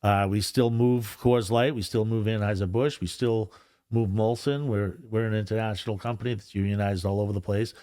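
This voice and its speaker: A man's voice: fairly low pitch, steady tone, a little fast, dark tone, no room sound, studio quality. A man, a guest on a podcast, chatting casually about union work in a rambling way, swearing freely and restarting his sentences often. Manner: rambling, profane, frequent restarts. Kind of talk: casual chat.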